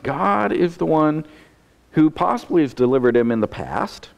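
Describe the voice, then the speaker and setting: A man's voice: on the high side, animated, moderate pace, creaky, big-room sound. A man preaching a sermon as pastor, earnest and often repeating a word as he starts a phrase.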